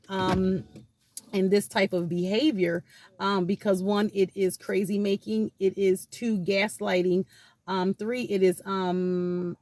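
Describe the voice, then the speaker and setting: A woman's voice: mid-range voice, a little mellow, dry recording. A woman talking casually from her car about abuse tactics, rambling with many fillers and restarts. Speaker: channel host talking about healing from abuse. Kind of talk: casual explanatory talk. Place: in a parked car.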